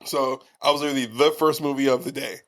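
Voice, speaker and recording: A man's voice: medium pitch, level tone, fast, fairly bright tone. A man co-hosting a podcast in casual chat, telling rambling stories with lots of swearing and restarts. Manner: profane, rambling, storytelling with restarts. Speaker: podcast co-host.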